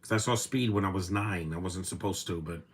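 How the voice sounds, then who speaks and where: A man's voice: low voice, a little fast, a little hiss or hum. A man in his thirties giving casual, opinionated live commentary while watching a movie, rambling with restarts and fillers.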